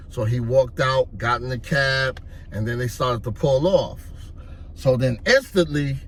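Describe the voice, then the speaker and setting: A man's voice: medium pitch, slight background noise. A man telling a story in loose, streetwise casual talk. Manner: loose, streetwise, repeats "you know what I mean". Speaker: vlogger.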